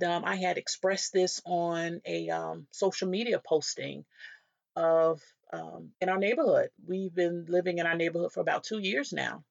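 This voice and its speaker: A woman's voice: fairly low pitch, creaky, no echo. A woman giving an earnest devotional talk, telling personal stories and acting out the voices of people she met. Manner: earnest, storytelling, acts out quoted voices. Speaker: Christian speaker. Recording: dull lo-fi dry recording.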